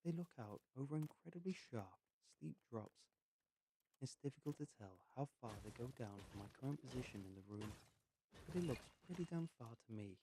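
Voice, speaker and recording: A man reading a first-person story aloud in an unhurried way with pauses, sometimes muttering asides to himself while he plays a game. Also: mid-range voice, animated, background noise. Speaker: narrator.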